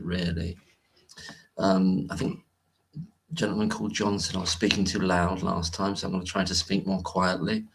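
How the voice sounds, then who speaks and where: A man with a low, husky voice chats loosely on a home livestream. He rambles and restarts his sentences as he greets people in the chat one by one. Recorded on a home computer mic. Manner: rambling, hesitant, greets chat viewers warmly. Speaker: livestream host. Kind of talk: casual live-stream chat.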